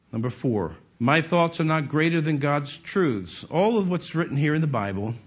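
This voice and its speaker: Male pastor, husky and animated, muffled lo-fi sermon recording. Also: medium pitch. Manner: emphatic, repetitive preaching with numbered points.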